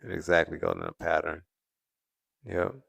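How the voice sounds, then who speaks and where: A man's voice: low-pitched, level tone, moderate pace, gravelly, fairly bright tone, breathy edge, no echo, clean studio sound. A man hosting a live stream, chatting casually with viewers, laughing often as he answers the chat. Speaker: livestream host.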